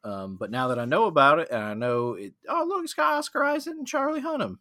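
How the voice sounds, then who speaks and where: A man co-hosting a casual podcast, talking in an animated way and swearing for emphasis. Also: on the high side, fast talker, no echo, clean studio sound. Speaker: podcast co-host.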